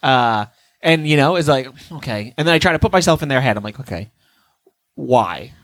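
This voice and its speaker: A man's voice: on the high side, quick pace, no echo, poor audio. A man in casual podcast chat, telling stories in a heated, profane way and acting out what others said. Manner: profane, animated storytelling with shouted re-enactments.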